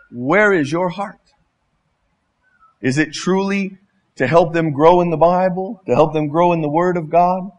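A middle-aged man preaching a sermon as a pastor, impassioned and full of rhetorical questions and repetition, swinging between loud and hushed. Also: on the high side.

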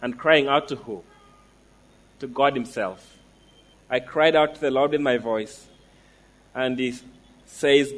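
A man preaching a sermon, emphatic, slowing down to stress declarations and asking the listeners direct questions. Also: mid-range voice.

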